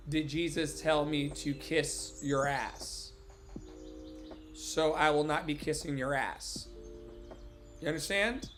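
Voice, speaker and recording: A man, somewhat high-pitched, delivers a fiery motivational livestream sermon. He preaches with emphasis and repeats himself for effect. Faint music plays behind him. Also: a bit bright. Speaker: life coach. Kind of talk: impassioned motivational monologue. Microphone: phone or webcam livestream.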